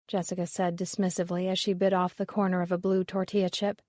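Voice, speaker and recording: A woman narrating a mystery audiobook in a scripted style, with an even, measured read into a close mic. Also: lowish voice, no room sound.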